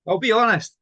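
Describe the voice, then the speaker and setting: A man with a Scottish accent chatting casually, easygoing, telling stories at an even pace. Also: very high voice, no echo. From Scotland. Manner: easygoing, anecdotal. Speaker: regular guest. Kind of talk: casual chat.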